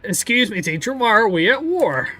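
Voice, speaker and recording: A man's voice: sits high, big pitch swings, moderate pace, bright, forceful tone, faint music behind, heavily acted. A man voicing an eager young male helicopter cadet in a game, mock-polite and fawning.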